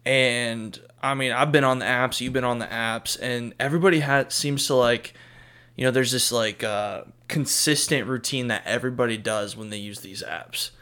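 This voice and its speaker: A man's voice: mid-range voice, moderate pace, sharp tone, clear, resonant tone. A man co-hosting a podcast, telling a story in laid-back casual chat with lots of fillers. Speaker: podcast co-host.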